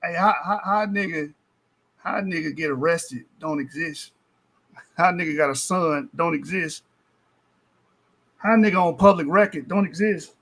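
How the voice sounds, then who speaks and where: Bright-voiced trash-talking man. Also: on the high side, measured pace, vocal fry, long pauses. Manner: boastful, profane, mocking with frequent laughter. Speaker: debater. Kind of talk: heated online debate trash talk.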